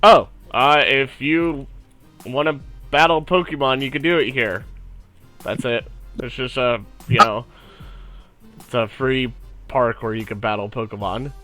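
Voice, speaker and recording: A man's voice: medium pitch, steady tone, measured pace, pauses often, pushed and bright, dry recording, soft background music. A man narrating a tabletop game as game master in a casual, laid-back way.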